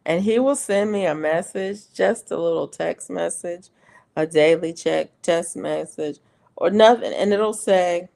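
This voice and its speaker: Slow, gravelly-voiced woman chatting on a livestream. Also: lowish voice, darkish tone. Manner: chatty, laughs often, reads viewer comments aloud. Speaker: livestream host. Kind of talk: casual live-stream chat.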